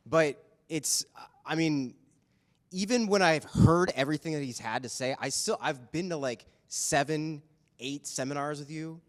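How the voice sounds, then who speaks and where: A man from the audience speaks up with an earnest testimonial, his voice sitting at an ordinary middle pitch. He talks haltingly, restarting his sentences as he goes. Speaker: seminar attendee.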